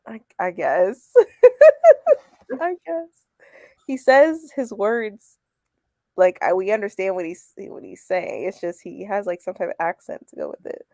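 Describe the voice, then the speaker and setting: A woman's voice: medium pitch, big pitch swings, unhurried, pauses often, mellow, no echo, studio quality. A woman, hosting a casual livestream chat, laughing often and reading comments aloud. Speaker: host.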